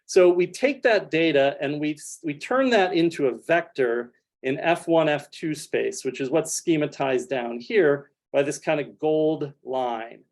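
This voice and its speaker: A researcher gives an academic lecture with slides in a lecture room, leading listeners through his data one step at a time. His voice is a little high for a man, with a darkish tone and an unhurried pace. He explains carefully and hedges often, scattering small fillers like "kind of" throughout.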